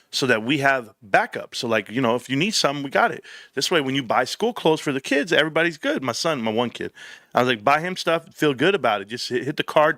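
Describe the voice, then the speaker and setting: A man talks straight to camera in a loose, slangy ramble. His bright voice leaps around in pitch as he acts out the people in his stories. The sound is dry and close. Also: no room sound. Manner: animated storytelling, slangy, plays out dialogue in voices. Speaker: YouTube host. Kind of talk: casual rambling monologue.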